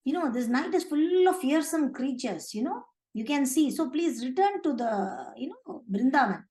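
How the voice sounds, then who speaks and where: A woman's voice: sits high, expressive, normal speed, dark tone, roomy sound, poor audio. A woman retelling a scripture story in conversational English, with many fillers and restarts.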